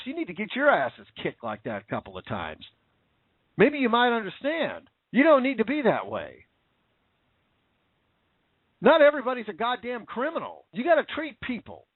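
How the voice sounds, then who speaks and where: Casting: male commentator, high lively voice, angry ranting monologue. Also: dry recording. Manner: heated, swearing, sarcastic. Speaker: political commentator. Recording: tinny phone-like sound.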